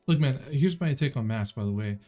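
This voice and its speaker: Lively, relaxed male podcast co-host. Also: mid-range voice, brisk, soft background music. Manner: relaxed, opinionated, laughs along. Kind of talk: casual chat.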